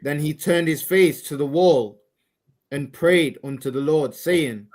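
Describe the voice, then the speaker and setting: A man reads old-style Bible verses aloud with a slow, even delivery. His voice sits a touch high for a man. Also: poor audio. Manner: measured, steady reading of old-style verse. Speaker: scripture reader. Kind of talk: reading King James scripture aloud.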